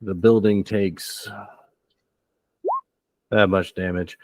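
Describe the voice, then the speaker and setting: A man's voice: low-pitched, steady tone, extremely slow, dry recording. A man narrating as game master, loose and descriptive, often laughing.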